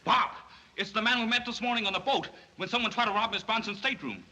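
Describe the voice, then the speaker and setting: An eager, excitable young man blurts out his discoveries in a high, bright voice. His pitch jumps all over the place. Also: fast, slight background noise. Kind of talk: 1930s film acting.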